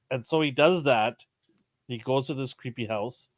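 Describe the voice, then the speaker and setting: A laid-back man co-hosting a podcast, speaking in easy slang with frequent chuckles. His voice sits at an ordinary middle pitch and is recorded dry and close. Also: normal speed, no echo. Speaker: podcast co-host. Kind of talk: casual chat.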